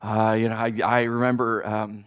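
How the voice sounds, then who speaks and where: A man's voice: on the low side, flat delivery, moderate pace, clean tone. A man, a pastor, giving a casual, conversational sermon to a congregation. He chuckles often and keeps checking in with "right?".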